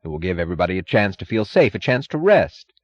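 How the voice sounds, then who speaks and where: A man's voice: mid-range voice, normal speed, highs cut off, pitched above the performer's own voice, natural voice. A man reading an audiobook, voicing a bitter, overwrought middle-aged tycoon with a trembling, feverish intensity.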